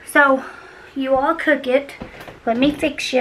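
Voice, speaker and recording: Breathless high-voiced woman vlogging. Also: measured pace, a bit bright, far from the mic, slight background noise, rough recording. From Kentucky. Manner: chatty, encouraging, rambling. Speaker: cleaning vlogger. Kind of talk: casual chat to camera.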